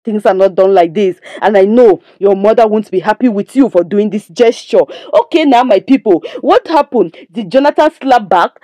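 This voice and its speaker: A woman's voice: medium pitch, animated, normal speed, few pauses, mellow, dry recording. A young Nigerian woman casually recapping a drama episode, chatting to her listeners and breaking off to lecture them. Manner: chatty, preachy asides, addresses listeners as "my people". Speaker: movie reviewer.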